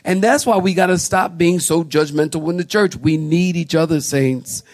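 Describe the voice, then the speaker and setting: A man's voice: a little high, normal speed. A male pastor preaching a sermon in a church, acting out little quotes as he tells stories. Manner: animated storytelling preacher, acts out quotes. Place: church sanctuary.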